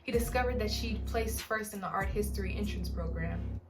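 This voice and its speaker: A woman's voice: mid-range voice, normal speed. A woman reading a novel aloud in a casual way, often breaking off to joke and comment on the story. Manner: reads aloud, breaks off to joke and laugh at the text. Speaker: book reader and channel host. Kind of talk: casual book reading with comedic asides. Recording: distant mic with background music.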